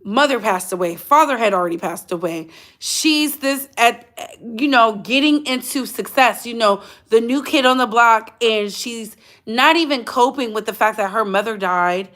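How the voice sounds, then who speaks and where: A woman's voice: fairly high pitch, moderate pace, a bit bright. A woman hosting a livestreamed gossip channel in blunt, chatty casual commentary, talking straight to her chat.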